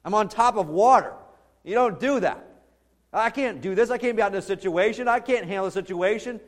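A preacher acting out a panicking apostle who is sinking on water, with frantic, rising alarm. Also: male voice, high voice, expressive, fairly quick, voice pushed up. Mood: panicked.

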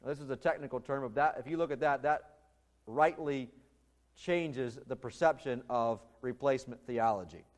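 A man's voice: mid-range voice, normal speed. A man preaching a sermon in an earnest, emphatic way, now and then restarting his phrases as he explains a text. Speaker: pastor.

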